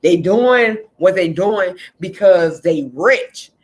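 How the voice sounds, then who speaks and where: A woman's voice: on the low side, lively intonation, takes it slowly. A woman giving a heated, profane rant on politics, repeating words for emphasis. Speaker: political commentator. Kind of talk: ranting political commentary.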